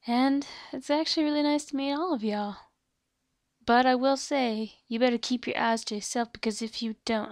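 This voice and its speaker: Woman putting on a gruff gunslinger gal, drawling threats, dry close mic. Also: a little high, no echo. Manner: drawling, threatening, loud bursts when shouting. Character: tough gunslinging cowgirl, hard-drinking and threatening.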